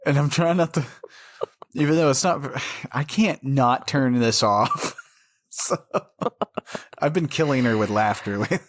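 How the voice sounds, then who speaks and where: A man's voice: mid-range voice, measured pace, pauses often, dry recording. A man hosting a casual movie podcast, laid-back and giggly, who swears freely as he chats. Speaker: podcast host. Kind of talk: casual chat.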